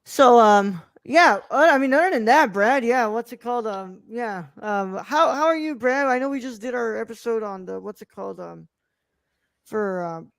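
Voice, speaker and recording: A man's voice: very high-pitched, lively intonation, normal speed, gravelly, a bit bright, no echo, studio quality. A man co-hosting a podcast in casual chat, rambling with lots of fillers like "what's it called". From United States. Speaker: podcast co-host.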